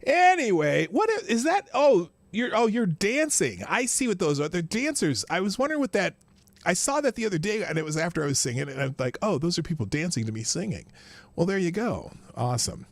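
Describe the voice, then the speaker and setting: A man's voice: high voice, very animated, fairly quick, no echo. A man hosting a casual live-streamed morning show, rambling as he greets his viewers by name.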